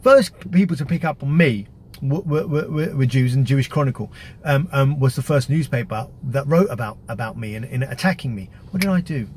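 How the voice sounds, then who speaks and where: A man's voice: medium pitch, moderate pace, a little mellow, slight background noise. A man talking casually and emphatically, giving advice. He often repeats words and checks in with "yeah?" and "right?". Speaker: activist giving media advice. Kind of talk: casual instructional talk.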